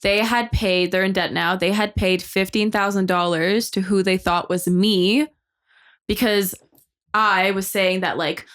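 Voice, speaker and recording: A woman's voice: mid-range voice, steady tone, unhurried, fairly bright tone. Chatty young woman guest, fillers everywhere, story mode. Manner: chatty storyteller, many likes, laughs easily. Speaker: guest influencer. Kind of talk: casual podcast chat.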